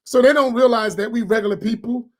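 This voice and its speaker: Imam, male, chatty and animated storyteller, laughs a lot. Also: extremely high pitch, quick pace. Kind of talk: casual talk after dawn prayer.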